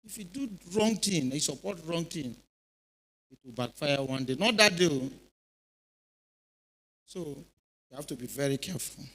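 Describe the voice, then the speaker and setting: Nigerian man in middle age, slightly high voice, animated storyteller, keeps asking the crowd if they follow. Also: measured pace, long pauses, slightly rough, low-quality recording. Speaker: retired police officer speaking at a youth event. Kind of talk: informal speech to a youth audience. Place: church hall.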